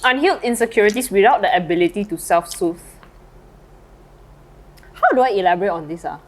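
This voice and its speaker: A mid-range female voice, lively and a little fast, comes through a rough recording. She's co-hosting a casual podcast chat, rambling with many fillers as she eats lunch, slightly tipsy.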